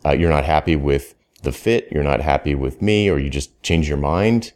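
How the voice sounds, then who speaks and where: He has an extremely low, slightly mellow voice and speaks at a moderate pace. A consultant guest in a casual podcast conversation, he rambles with emphasis and often restarts his sentences to correct himself.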